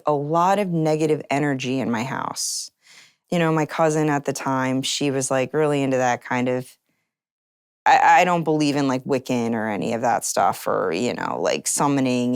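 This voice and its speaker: A woman's voice: extremely low pitch, vocal fry, clear, resonant tone. A woman recounting her own experience in an interview, chatty and loose, leaning on filler words as she talks. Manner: chatty, heavy use of "like" fillers. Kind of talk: casual personal storytelling.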